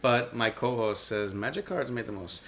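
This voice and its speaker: An American man hosting a loose, joking podcast chat. His pitch sits mid-range, and his voice leaps upward when he gets excited. He fires off playful questions at his co-host. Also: normal speed, slight background noise. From United States. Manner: playful quizzing, jumpy pitch. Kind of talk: casual podcast banter.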